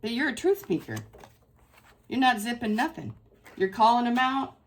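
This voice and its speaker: A woman's voice: on the high side, animated, moderate pace, slight background noise. A woman giving a casual spiritual tarot reading to her viewers, effusive and emphatic, repeating phrases for stress. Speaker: tarot reader.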